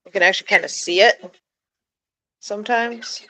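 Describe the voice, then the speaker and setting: A woman's voice: medium pitch, moderate pace, pushed and bright, rough recording. Woman, backyard poultry keeper, informal vlog chatter, coos baby talk at her birds. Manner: informal, many "like" fillers. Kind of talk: casual vlog narration.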